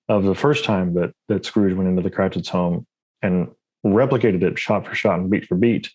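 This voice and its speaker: A man co-hosting a podcast, chatting eagerly and quickly, restarting his sentences as he goes. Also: deep voice, warm tone, rough recording. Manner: fast, enthusiastic, many restarts. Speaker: podcast co-host. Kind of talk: casual podcast chat.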